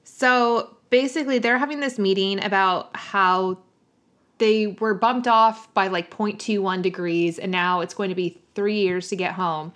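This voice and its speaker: Woman briskly summing up a plot. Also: medium pitch, fairly even intonation, fairly bright tone. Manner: narrates plot step by step, filler "like" and "so". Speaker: podcast co-host. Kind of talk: casual chat recapping a TV episode.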